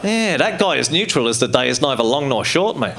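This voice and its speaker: A man's voice: medium pitch, very animated, brisk, vocal fry, very noisy. A man doing a jeering Australian bar bigot. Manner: blunt, jeering. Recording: live comedy club crowd behind.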